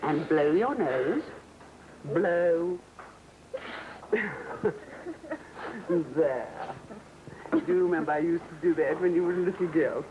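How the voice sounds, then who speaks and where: An actress playing a gentle, patient mother back home after a long illness, with calm, consoling speech in an old television drama. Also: on the low side, slow, pauses often, dull audio, background noise. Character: gentle mother returned from a mental hospital. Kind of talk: 1960 television drama acting.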